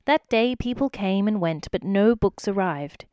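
A woman's voice: medium pitch, expressive, unhurried, a little mellow, clear, resonant tone, no room sound, studio quality. A woman reading a children's story aloud expressively, speaking directly to the listener.

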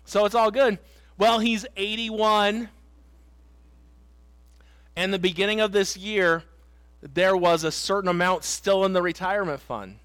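Middle-aged male pastor, very high voice, dry close sound, earnest emphatic sermon delivery. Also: measured pace, long pauses, fairly bright tone, clean tone, dry recording. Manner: earnest, emphatic preaching with stories and repeated refrains. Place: church sanctuary.

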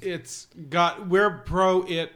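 A man with a slightly raised voice co-hosting a relaxed movie podcast. He talks with eager enthusiasm and drops casual swearing. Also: high-pitched, drawn-out words, slight background noise. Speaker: podcast co-host. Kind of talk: casual film review chat.

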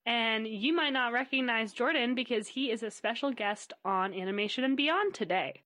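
A woman hosts a casual podcast chat in an upbeat, guiding tone. Her voice sits a bit high. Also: normal speed, fairly bright tone. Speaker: podcast host.

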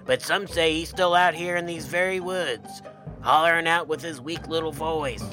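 A man co-hosting a comedy podcast, telling a campfire tale with a folksy, deadpan drawl. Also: fairly high pitch, moderate pace, soft background music. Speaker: podcast co-host and storyteller.

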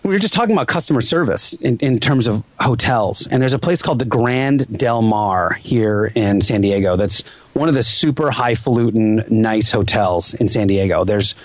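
A man's voice: on the low side, moderate pace, hardly any pauses, dry recording. A man in his forties hosting a podcast, telling a story in casual chat and acting out the voices of people in it. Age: 40s. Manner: animated, acts out quoted voices. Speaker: podcast host.

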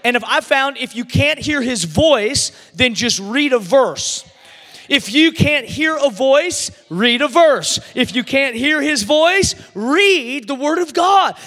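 High, bright-voiced preacher in an echoing hall. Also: male voice. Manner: animated preaching, swinging from shouts to near-whispers. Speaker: pastor. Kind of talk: sermon. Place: church service. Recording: long reverb of a large hall.

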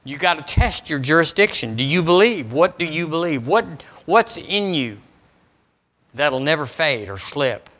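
Bright, animated pastor preaching. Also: male voice, on the high side. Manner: animated preaching, quizzes the congregation. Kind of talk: sermon. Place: church service.

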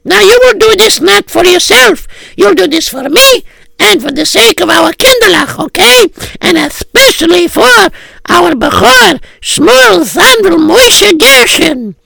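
A shrill, gravelly Yiddish-accented wife. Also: male voice, sing-song, unhurried, bright, forceful tone, no room sound, heavily acted, poor audio. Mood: coaxing. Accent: Yiddish-inflected English. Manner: pushy, repeats herself. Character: insistent Hasidic wife, middle-aged.

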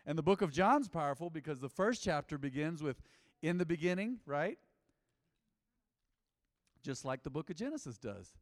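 A man's voice: a little high, animated, normal speed, long pauses, no echo, clean studio sound, big-room sound. A man preaching a sermon as pastor, emphatic and repeating phrases, calling on the congregation to answer back.

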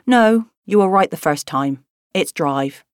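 A woman's voice: lowish voice, expressive, a little slow, clear, resonant tone, no echo, clean studio sound. A woman voicing a cheerful, easygoing young man with a broad Cornish accent, in an audiobook reading.

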